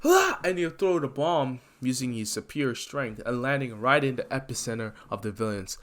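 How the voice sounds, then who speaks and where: A man's voice: mid-range voice, normal speed, fairly bright tone. Rambling male storyteller. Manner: rambling, hesitant with many "uh"s and restarts. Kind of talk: casual fan-story narration.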